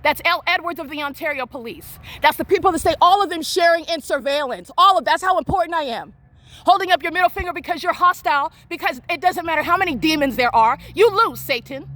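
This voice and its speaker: A woman's voice: very high-pitched, a bit bright. A woman filming herself in public, delivering an accusatory, repetitive rant as confrontational self-filmed commentary. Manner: accusatory, repetitive, rapid ranting.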